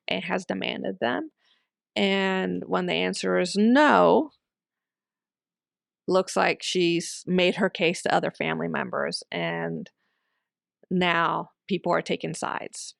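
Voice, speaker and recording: A woman's voice: medium pitch, gravelly, smooth, no room sound, studio quality. A middle-aged woman casually talking through an online post as the host of a homeschool channel, thoughtful and chatty, with frequent ums and small laughs. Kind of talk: casual commentary reading and discussing an online post.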